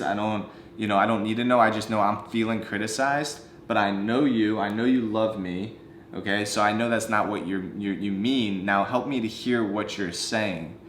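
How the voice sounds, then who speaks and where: A young man casually telling a personal story, animated and acting out the lines of people he quotes. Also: lowish voice, reverberant, slight background noise. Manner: animated, acts out quoted dialogue. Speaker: co-host of a couple's channel.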